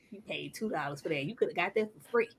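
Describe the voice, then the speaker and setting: A woman co-hosting a casual livestream, reading out super chats in an animated, playful way with frequent laughter and teasing asides. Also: medium pitch, breathy edge. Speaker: co-host of an anniversary livestream.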